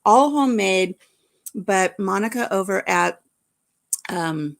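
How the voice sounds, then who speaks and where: A woman's voice: mid-range voice, expressive, takes it slowly, gravelly. A woman hosting a casual livestream, chatting in a rambling way and greeting viewers by name. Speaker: vlog host.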